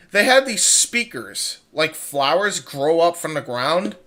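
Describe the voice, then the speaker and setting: A man guesting on a casual streamed chat, telling rambling, animated stories. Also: fairly high pitch, takes it slowly. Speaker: podcast guest.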